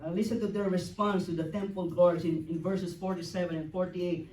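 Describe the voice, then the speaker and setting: A man preaching a sermon as pastor, emphatic, with long dramatic pauses. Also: sits high, little pitch movement, mellow. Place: church sanctuary. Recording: echoey church hall from far off.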